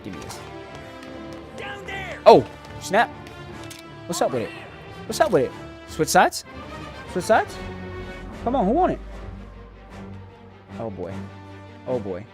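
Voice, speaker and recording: Animated man commenting on gameplay. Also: on the high side, takes it slowly, long pauses, music in the background. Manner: animated, trash-talking, boastful in bursts. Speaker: gaming channel host.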